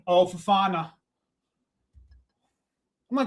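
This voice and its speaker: A man hosting a live football watch-along, reacting loudly to the match and swearing often while talking to viewers as boys and bro. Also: very high-pitched, expressive, unhurried, long pauses. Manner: swears a lot, shouts at the referee, calls viewers boys and bro.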